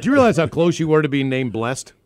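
A male radio co-host teasing the caller with quick interjections. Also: a little high, sing-song, a little mellow, a little hiss or hum. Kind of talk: casual talk show banter.

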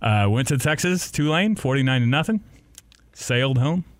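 This young radio host has a medium-pitched voice and talks at a moderate pace with no echo. He's telling a story on a casual podcast, laughing often and animatedly voicing the characters.

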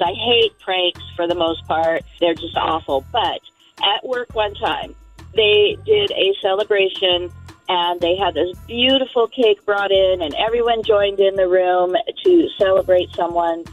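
A woman caller on a radio show, telling a work story in a brisk, earnest way. Her voice comes through a dull, muffled phone-in line, with music faint under it. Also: mid-range voice, expressive.

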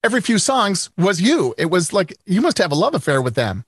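Male host, higher-pitched voice, dry close mic, chatty upbeat questioning. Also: big pitch swings, a little fast, slightly rough, no room sound. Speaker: interview host. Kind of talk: casual interview.

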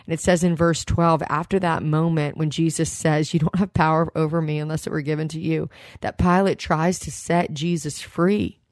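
A woman's voice: low-pitched, steady tone, moderate pace, hardly any pauses, darkish tone, no echo, clean studio sound. A woman preaching a sermon, retelling scripture in a conversational storytelling way.

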